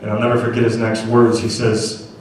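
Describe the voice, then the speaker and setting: A man's voice: on the low side, monotone, fairly quick, slight background noise. A man giving a motivational storytelling talk to schoolchildren at an assembly, earnestly asking the crowd to agree with him. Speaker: motivational speaker. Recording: very echoey hall, voice from far off.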